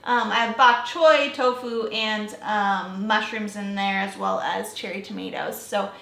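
Chatty woman with a gravelly edge. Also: medium pitch, fairly even intonation, unhurried, a bit bright. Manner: chatty, many fillers and laughs. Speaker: travel vlogger. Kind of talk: casual chat while cooking. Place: apartment kitchen, indoors. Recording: echoey room.

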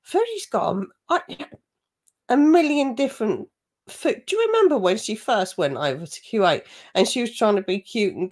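Blunt woman doing reaction commentary. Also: on the high side. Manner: scornful, blunt, chatty with laughs. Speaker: commentary channel host.

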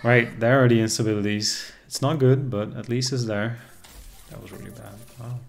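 A man's voice: medium pitch, steady tone, normal speed, creaky. A man streaming casually, chatting with viewers and reacting to the game as it plays. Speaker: casino streamer. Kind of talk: casual live-stream commentary.

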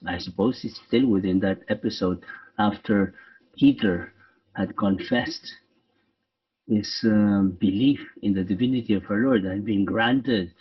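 A man, a priest, leading a guided meditation in a slow, reflective way with frequent pauses. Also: on the low side, breathy edge. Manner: slow, reflective, pausing often. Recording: dull, lo-fi sound from a distant mic.

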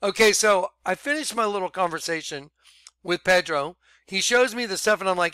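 A man casually telling a personal story to his viewers, animated and full of "I'm like" retellings. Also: sits high, brisk, no echo. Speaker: vlogger.

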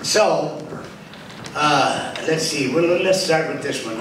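A man's voice: on the high side, slow pace, noisy background. Older man telling jokes, distant and echoey. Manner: rambling, self-interrupting, laughing at own jokes. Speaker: benefit honoree telling jokes. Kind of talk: stand-up storytelling. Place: small theater stage. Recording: distant mic, loud room ambience, echoey theater.

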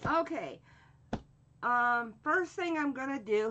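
A woman hosting a live painting stream, talking in an unhurried, drawn-out way. She chats casually, greets viewers by name and fills her pauses with "um" while she works with her hands. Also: medium pitch, animated, a bit bright, slight background noise. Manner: slow, drawn-out speech with frequent fillers. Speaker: craft channel host.

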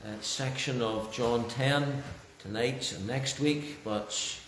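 A male pastor praying and then preaching a sermon in church, slow and deliberate, lingering over key phrases. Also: mid-range voice, a bit bright, a little hiss or hum. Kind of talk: sermon with opening prayer. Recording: roomy church echo.

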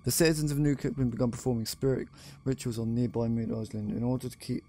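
A man's voice: mid-range voice, steady tone, fast, warm tone, slight background noise. A man hosting a horror game playthrough, reading notes aloud and yelping and swearing when startled. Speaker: gameplay video host. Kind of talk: horror game let's play commentary.

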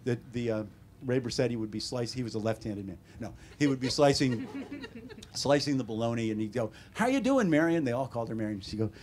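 A man in his seventies with an American accent, an author telling wry, deadpan stories at a bookstore talk. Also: medium pitch, fast talker, a little hiss or hum. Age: 70s. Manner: wry, deadpan humor with animated quoted voices. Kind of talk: casual storytelling Q&A. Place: bookstore event room.

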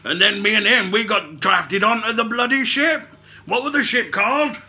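Here a high-pitched man with a sharp tone talks at a moderate pace, his accent part Cockney and part Somerset. In the role of a puppet-show host, he wanders through a comic tale, cursing, fixing his own mistakes, and laughing at what he says.

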